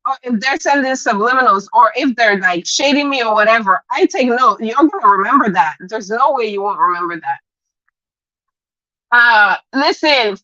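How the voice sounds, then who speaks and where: A woman's voice: fairly high pitch, pushed and bright, no echo, muffled recording. A woman hosting a live stream, chatting casually, greeting viewers by name and laughing often. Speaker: livestream gossip host.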